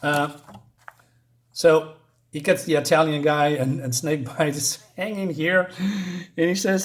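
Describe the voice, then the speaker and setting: A man's voice: on the high side, steady tone, a little slow, long pauses. A man casually reviewing a comic book, chatty and chuckling at his own jokes, with lots of fillers.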